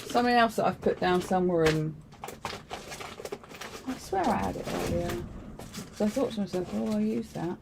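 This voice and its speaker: Chatty woman with a gravelly voice. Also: on the low side, moderate pace, long pauses, very noisy. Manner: rambling, chatty, self-deprecating, thinking aloud. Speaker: craft livestream host. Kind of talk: casual crafting demonstration.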